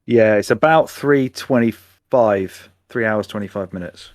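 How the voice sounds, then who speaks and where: A man's voice: on the low side, unhurried, no echo. Chatty man, dry sound. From England. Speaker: podcast co-host. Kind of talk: casual chat.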